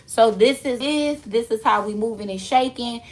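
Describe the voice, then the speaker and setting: A woman's voice: a little high, normal speed. A woman loc stylist, chatting casually and teasingly to her viewers in a salon vlog. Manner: chatty, animated, teasing, laughs often. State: recovering from a choking fit.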